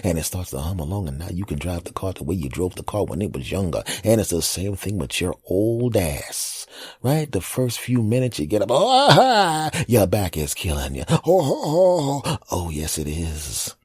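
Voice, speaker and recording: A man in his forties hosting a podcast, delivering a profane, animated comedic monologue. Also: low-pitched, normal speed, slightly rough, dry recording. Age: 40s. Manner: animated, profane ranting storyteller. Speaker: podcast host.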